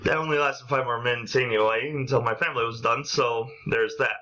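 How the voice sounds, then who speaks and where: A man's voice: mid-range voice, a little fast, poor audio. A young adult man telling funny personal stories in a casual vlog, acting out quotes with a raised voice. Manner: animated, acts out quotes in a raised voice. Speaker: vlogger.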